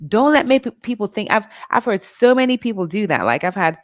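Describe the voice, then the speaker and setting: Animated and brisk, the medium-pitched voice belongs to a middle-aged Nigerian vlog host talking frankly and directly to her audience about personal reflections. Clean studio sound, with no room sound.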